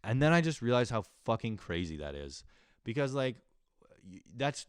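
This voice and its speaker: An intense man delivers a profane comic rant, slipping into little acted-out voices as he goes. His voice sits low and smooth. The sound is dry and close, with no room around it. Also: no room sound. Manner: intense, swearing, acts out voices. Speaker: comedian doing a solo rant. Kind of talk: casual profane comic monologue. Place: home room, early morning.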